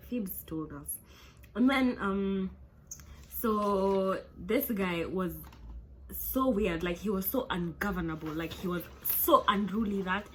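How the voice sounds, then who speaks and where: A woman's voice: medium pitch, a little hiss or hum. A woman, a vlogger telling a true crime story in a chatty, joking way with many asides.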